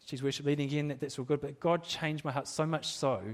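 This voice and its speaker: A man's voice: on the high side, fairly even intonation, fast talker. A middle-aged man preaching a sermon in a church, candid and self-deprecating, laughing at himself and often restarting his sentences. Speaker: pastor.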